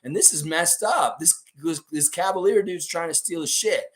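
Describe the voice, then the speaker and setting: A young man hosting a live stream in a loose, rambling way. His voice is hoarse, sitting somewhat high. He jumps animatedly between stories and chat with viewers. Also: moderate pace.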